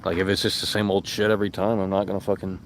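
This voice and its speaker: A man's voice: low voice, flat delivery, racing, a little hiss or hum. Blunt, swearing young man streamer. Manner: blunt, exasperated, swears freely, mocks chat in sarcastic voices. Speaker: streamer reading chat. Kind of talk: casual live-stream chat.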